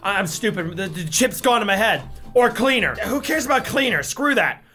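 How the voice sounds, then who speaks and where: A man's voice: high-pitched, lively intonation, moderate pace, pushed and bright, soft background music. Young man yelping through a hot chip challenge. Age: young adult. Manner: frantic, yelping in pain, self-mocking. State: mouth burning, coughing, eyes watering. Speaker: YouTuber. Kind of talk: gaming and ghost pepper chip challenge commentary.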